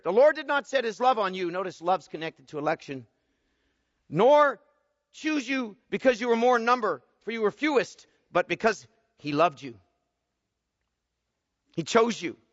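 A man preaching an expository sermon, swinging from quiet explaining to loud emphatic bursts. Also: high-pitched. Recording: muffled sound with long hall reverb.

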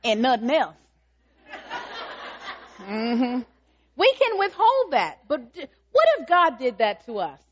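A high-pitched woman preaches in an emphatic, questioning way, pressing the congregation again and again. The sound is a little dull and lo-fi. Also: huge pitch swings, slow pace, long pauses, slight background noise. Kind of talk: sermon.

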